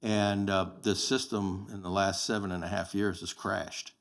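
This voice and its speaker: A man's voice: sits low, flat delivery, normal speed, gravelly. A man in his sixties, a podcast guest, telling blunt, plain-spoken stories from a long career in casual conversation. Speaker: podcast guest, sheriff candidate. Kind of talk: casual storytelling interview.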